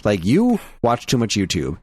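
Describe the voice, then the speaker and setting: A man's voice: lowish voice, huge pitch swings, normal speed, husky, no echo. A man co-hosting a podcast in casual chat, rambling through an anecdote and laughing often. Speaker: podcast co-host.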